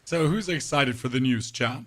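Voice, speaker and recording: A man streaming a game live, chatting with his viewers in a hoarse, nearly lost voice and speaking in a very flat monotone, often ending thoughts with "right?". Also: medium pitch, normal speed. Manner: talks to chat with frequent "right?". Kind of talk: casual live-stream chat while playing.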